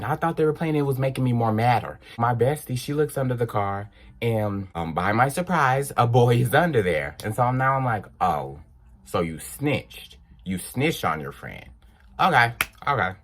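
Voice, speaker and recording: A young man telling a personal story in a casual storytime vlog, animated and acting out the people in it. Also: mid-range voice. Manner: animated, acts out voices, drawn-out exclamations. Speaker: vlogger.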